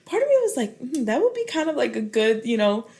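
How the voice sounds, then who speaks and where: A woman's voice: on the high side, fast. A young woman hosting a podcast, telling stories in casual chat with lots of giggling. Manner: giggly, animated storytelling. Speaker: podcast host.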